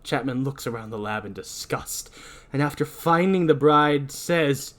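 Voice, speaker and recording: A male podcast host narrates a movie recap with lively, animated delivery. He throws in self-deprecating asides as he goes. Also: mid-range voice, unhurried.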